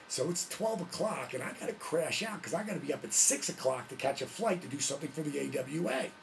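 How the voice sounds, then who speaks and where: A man hosting his vlog, telling a story in a casual, animated way, full of slang and frequent laughs. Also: on the high side, fast talker, vocal fry, slight background noise. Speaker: vlog host, former wrestler.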